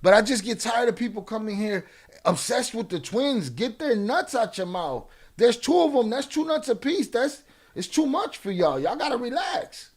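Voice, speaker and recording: Combative high-voiced male streamer. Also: very animated, normal speed. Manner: combative, profane, arguing with commenters; repeats and restarts phrases. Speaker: streamer reacting to chat. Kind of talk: live-stream chat talk.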